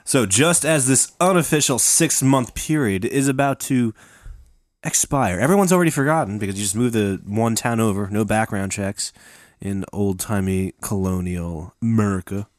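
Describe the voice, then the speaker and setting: A man's voice: normal speed, dry recording, studio quality. A man telling a history story on a podcast, joking with his co-hosts as he goes. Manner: jokey storyteller, lively pitch swings. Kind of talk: comedic casual chat.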